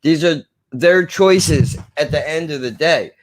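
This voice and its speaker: A man talks through a film in casual conversation with a friend. He is earnest and impassioned, and he swears to drive his points home. His voice sits somewhat high for a man. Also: measured pace. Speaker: film review co-host.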